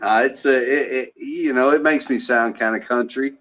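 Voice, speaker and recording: A man's voice: medium pitch, normal speed, fairly bright tone. A man co-hosting a casual livestream chat, easygoing and a little hesitant. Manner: easygoing, hesitant, many uhs. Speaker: co-host.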